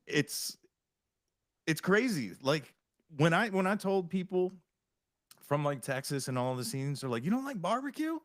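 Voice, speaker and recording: A man hosting a podcast, chatting casually with halting restarts and frequent laughs. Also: a little high, a bit bright, no room sound, studio quality. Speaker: podcast host.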